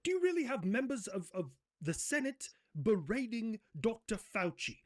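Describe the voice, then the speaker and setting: A man hosting a satirical comedy role-play, talking in a profane, mocking way with shouted outbursts. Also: high voice, sing-song, normal speed. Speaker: host.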